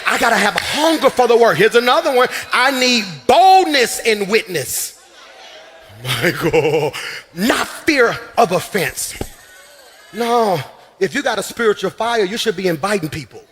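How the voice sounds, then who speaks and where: A man preaching a sermon as pastor in a church, shouting and swinging into sing-song runs. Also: sits high, big pitch swings, unhurried. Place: church sanctuary.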